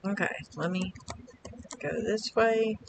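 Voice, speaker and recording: A woman quietly commenting to herself while streaming a video game. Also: mid-range voice, takes it slowly, background noise. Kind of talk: casual gameplay commentary.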